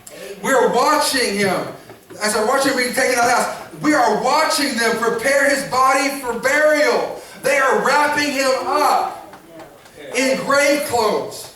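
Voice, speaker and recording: A man preaching a sermon as pastor, animated, acting out voices and calling on the congregation to respond. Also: very high-pitched, measured pace, recorded from a distance. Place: church sanctuary. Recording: echoey church hall, miked from afar.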